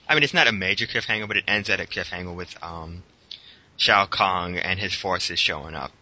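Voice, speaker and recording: A man with a very bright, lower-pitched voice, chatting loosely about films on a podcast. He rambles with plenty of ums and laughs as he goes. The recording is dull and lo-fi. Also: fairly quick, no room sound. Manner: laughs often, rambling with fillers. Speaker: podcast co-host. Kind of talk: casual movie review chat.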